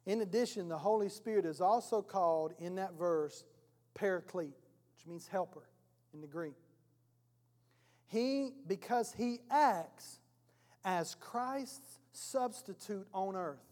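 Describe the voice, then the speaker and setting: A male pastor giving a sermon in a church, telling an animated story and acting out its scenes. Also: sits high, takes it slowly. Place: church hall. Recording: long reverb of a church hall.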